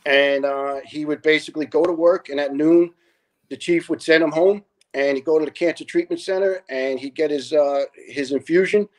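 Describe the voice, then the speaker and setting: A man's voice: fairly high pitch, fairly even intonation, moderate pace. A man in his fifties, a retired fire lieutenant from Staten Island, telling family stories in an earnest, heartfelt way as a podcast guest. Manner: earnest, heartfelt, acts out other people's words. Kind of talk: casual storytelling.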